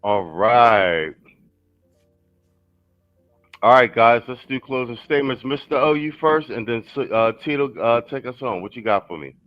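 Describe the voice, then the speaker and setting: A man's voice: medium pitch, animated, measured pace, long pauses, no echo, highs cut off, faint music behind. A man hosting a live panel show, ranting heatedly and with profanity. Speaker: host.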